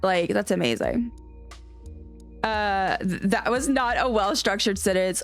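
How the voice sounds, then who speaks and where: A woman streamer with a light Southern Cajun lilt talks in a loose, rambling way while she plays, often correcting herself mid-sentence and laughing. Her voice sits in an ordinary middle pitch. Soft music plays faintly behind her. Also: animated, unhurried, vocal fry. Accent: light Southern Cajun-tinged American. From Cajun country, US South. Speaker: live streamer playing a life-sim game. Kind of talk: casual live-stream chat.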